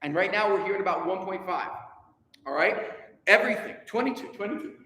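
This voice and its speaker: A man's voice: sits high, expressive, a little fast, loud music behind the voice. A man leading a choir rehearsal, upbeat and teasing as he coaches singers and counts them in. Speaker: choir director. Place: large rehearsal room. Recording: echoey rehearsal hall, long reverb.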